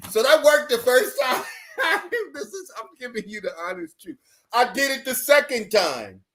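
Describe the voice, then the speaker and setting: A man with a notably high-pitched voice tells a personal story as a guest on a podcast. He talks in a lively, animated way and laughs easily as he goes. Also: measured pace. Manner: lively, laughing, acts out dialogue in his story.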